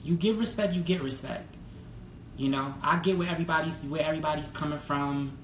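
A profane livestreaming man in a roomy echo. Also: a little fast. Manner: candid and profane, swings to high excited pitch. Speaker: livestreamer reading viewer comments. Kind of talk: casual livestream chat. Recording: roomy echo with faint background noise.

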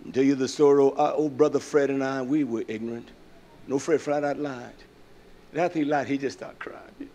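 A slightly high, lively voice belongs to an older pastor preaching briskly, shifting from shouts to hushed storytelling with many "uh" fillers. A little hiss or hum runs under the recording.

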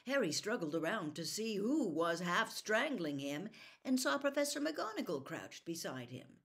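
A woman reading a novel aloud in an expressive storytelling manner, dropping softly for quiet lines. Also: mid-range voice, normal speed. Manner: expressive, soft-spoken character reading. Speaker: audiobook reader.

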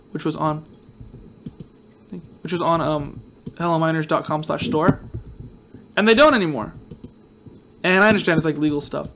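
A man's voice: fairly high pitch, a bit bright, a little hiss or hum. Chatty man rambling over a game. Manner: rambling, joking, chatty asides to viewers. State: just woken up, groggy voice. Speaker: gaming video host. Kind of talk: casual let's-play commentary.

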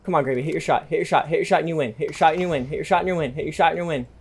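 A young man giving excitable live commentary over his own video game match, repeating himself under pressure. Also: fairly high pitch, racing, vocal fry, a little hiss or hum. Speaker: gaming youtuber.

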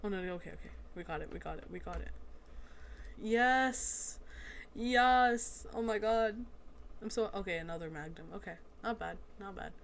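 Here a woman with a lowish, vocal-fry voice narrates her video game play in a casual let's-play style, with slight background noise behind her. The action on screen keeps drawing excited exclamations from her.

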